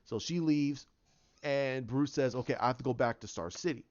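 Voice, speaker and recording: Guy rambling thru his movie idea, mid pitch, kinda muffled lo-fi audio. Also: moderate pace, darkish tone. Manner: rambling with frequent restarts and fillers. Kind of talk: casual retelling.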